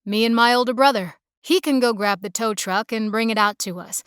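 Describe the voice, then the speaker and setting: A woman's voice: fairly high pitch, fairly quick, fairly bright tone, smooth, no room sound, clean studio sound, close to an everyday voice. A woman voicing a friendly young small-town male mechanic with a slight country drawl, easygoing and folksy.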